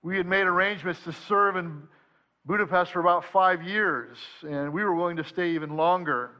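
A man preaching a sermon, first reading scripture in a measured way, then telling a personal story in a relaxed, conversational tone. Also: high-pitched, dull audio. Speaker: pastor.

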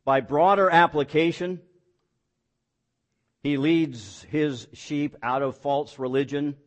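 A man's voice: on the high side, fairly even intonation, slow. A man preaching a sermon as pastor, building emphatic points with rhetorical questions and folksy, self-deprecating asides.

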